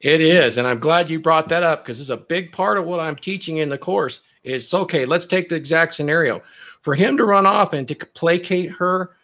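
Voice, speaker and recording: A man's voice: fairly high pitch, moderate pace, fairly bright tone. A man hosting a casual chat, laying out his dating advice in an assertive, lecturing way. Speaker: host and dating coach.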